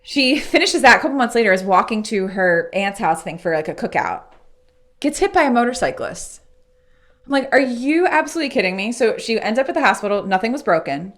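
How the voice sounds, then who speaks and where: A woman's voice: mid-range voice, a little fast. A woman speaking as a podcast guest, telling a personal story earnestly and reflectively. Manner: acts out remembered dialogue in lively voices. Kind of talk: casual interview storytelling.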